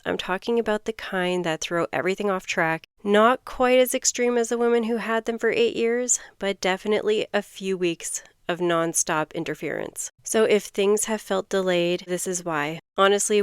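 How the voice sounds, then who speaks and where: A woman's voice: on the low side, clean tone, no echo, studio quality. A woman hosting a podcast, a hypnotist giving an upbeat, enthusiastic solo update read from a script.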